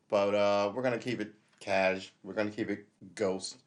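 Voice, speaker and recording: A man's voice: on the low side, steady tone, normal speed. A man hosting a livestream, delivering a casual, rambling monologue in a blunt, profane way. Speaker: livestream host.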